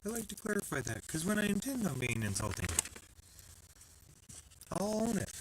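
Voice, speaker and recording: A man's voice: sits high, big pitch swings, normal speed, a little hiss or hum. A man narrating his own DIY repair vlog casually, with joking, self-mocking asides. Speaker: DIY video maker.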